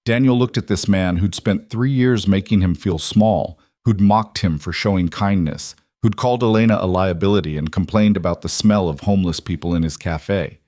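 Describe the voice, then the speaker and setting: A man narrating a scripted story in a steady storytelling manner. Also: deep voice, normal speed, hardly any pauses, no room sound, studio quality.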